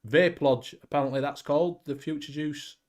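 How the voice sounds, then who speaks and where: Rambling Northern English host. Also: male voice, fairly high pitch, fairly even intonation, moderate pace. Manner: rambling, friendly, lots of fillers. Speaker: podcast host. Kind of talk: casual chat.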